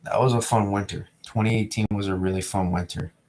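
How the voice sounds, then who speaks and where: A man's voice: fairly low pitch, steady tone, fairly quick, a little mellow. A young man from New England chatting casually to his live-stream viewers, rambling and repeating himself as he reads the chat. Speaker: weather streamer.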